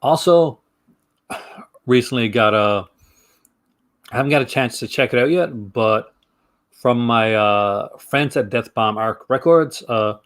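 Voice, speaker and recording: A man's voice: mid-range voice, takes it slowly, long pauses. A man hosting a film review channel, talking casually to camera in a chatty, rambling way and laughing easily.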